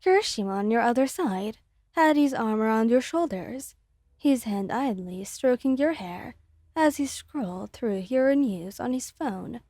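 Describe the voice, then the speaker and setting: A woman narrating a romantic fan story in a soft, slow, gentle ASMR reading. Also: a little high, animated, dry recording, studio quality.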